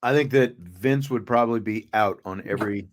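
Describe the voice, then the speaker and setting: A man hosting a podcast in casual sports chat, relaxed and reading out viewer comments. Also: fairly low pitch, a little fast, a little hiss or hum. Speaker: podcast host.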